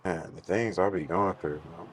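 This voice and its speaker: A man's voice: low-pitched, moderate pace, slight background noise. A young man and rapper vlogging from inside a car, talking in a laid-back, rambling, profane way and half-singing some phrases. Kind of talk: casual vlog monologue. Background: hip hop music.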